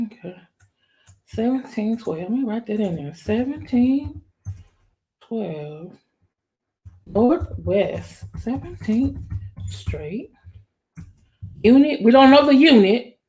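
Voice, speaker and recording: A woman doing casual live-stream commentary, excitable and talking straight to her viewers. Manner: excitable, exclaiming to viewers, voice jumps higher when excited. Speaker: YouTube commentator.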